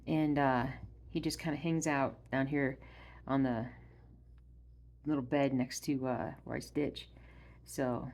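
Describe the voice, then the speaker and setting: A woman with a notably low, deep voice chats casually to her stitching audience from home. She talks in a hesitant, rambling way, full of ums and uhs. Her voice often sinks to a soft murmur. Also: steady tone, measured pace. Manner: soft-spoken, drops to a murmur when addressing her dog. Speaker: stitching vlogger. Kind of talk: casual chat.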